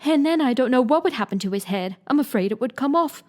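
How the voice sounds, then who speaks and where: A woman's voice: animated, fast, a little mellow. A woman voicing a polite, curious seven-year-old girl in a storybook reading, earnest and courteous. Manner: earnest, polite, raised pitch.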